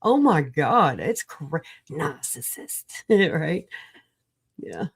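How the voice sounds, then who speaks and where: A woman on a livestream video call, recovering from an illness, talking in an animated, rambling way, laughing often and swearing. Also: low voice, very slow, vocal fry, slightly rough. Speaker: livestream guest. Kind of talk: casual livestream chat.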